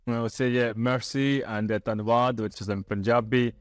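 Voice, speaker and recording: A man's voice: medium pitch, steady tone, normal speed, dry recording. Scottish guy, broad accent, chatty podcast guest telling a story, dry close sound. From Scotland. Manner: chatty, laughs while telling stories. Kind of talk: casual storytelling.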